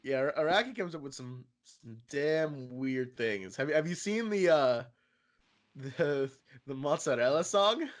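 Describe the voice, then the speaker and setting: A man co-hosting a casual fan podcast, animated and profane, often laughing and putting on voices. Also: fairly high pitch, measured pace. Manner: animated, swearing, laughing, mimicking characters. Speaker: podcast co-host.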